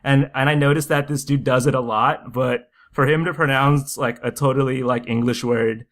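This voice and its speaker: A man's voice: medium pitch, steady tone, normal speed, fairly bright tone. A man co-hosting a podcast in casual chat, joking and laughing often. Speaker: podcast co-host.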